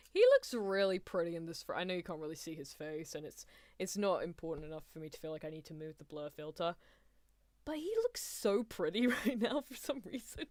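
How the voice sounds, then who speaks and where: A woman's voice: on the low side, expressive, normal speed, a little mellow, no echo, clean studio sound. A woman streaming a casual anime watchalong, chatting and giggling with her chat in rambling asides. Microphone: desk mic adjusted mid-stream.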